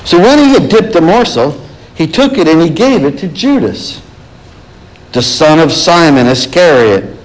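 A man's voice: fairly high pitch, expressive, measured pace, low-quality recording. A male pastor preaching a sermon in church, firing rhetorical questions at his congregation and reading scripture aloud.

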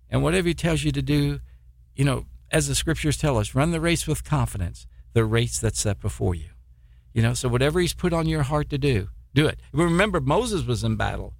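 A middle-aged preacher who was once a military missionary delivers a folksy sermon full of stammering restarts and repetition. His voice runs on the high side with vocal fry, recorded cleanly in a studio without echo.

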